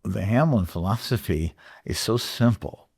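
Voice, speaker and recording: A man's voice: fairly low pitch, measured pace, creaky, darkish tone, slightly rough. A man, a guest in a business interview, explaining his sales method earnestly, with frequent restarts. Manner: earnest, repeats himself, acts out sales letters. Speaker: guest, dealership marketing consultant. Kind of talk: casual interview talk.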